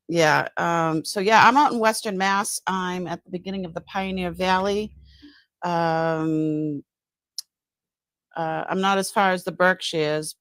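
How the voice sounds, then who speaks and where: A woman's voice: on the low side, a bit bright, no room sound. A middle-aged woman with a Boston accent, hosting a casual live-stream from home, chatting and rambling as she greets viewers by name. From Massachusetts. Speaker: live-stream seller and host. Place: at home, indoors by a counter.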